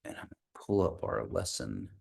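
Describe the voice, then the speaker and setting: A man's voice: a bass voice, very animated, creaky, darkish tone. Patient man teaching over a video call. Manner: patient, repeats words slowly for learners. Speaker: language teacher. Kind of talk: online language lesson.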